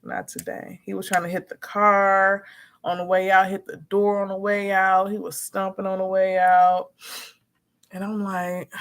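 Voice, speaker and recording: A woman chatting casually as a vlogger, frank and animated, acting out quotes as she tells her story. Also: mid-range voice, measured pace. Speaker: notary and vlogger.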